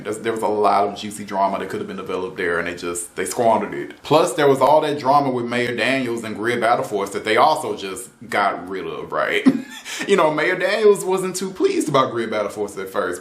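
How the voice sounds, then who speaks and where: A man's voice: medium pitch, fairly bright tone. A man giving a casual opinion rant on a show, exasperated and often laughing, tossing in "man" and "right?". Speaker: video reviewer. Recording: roomy echo.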